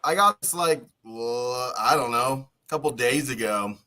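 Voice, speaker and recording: A man's voice: mid-range voice, lively intonation, unhurried, crowd noise. A man co-hosting a casual podcast, chiming in with short reactions and frequent laughs. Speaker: podcast co-host.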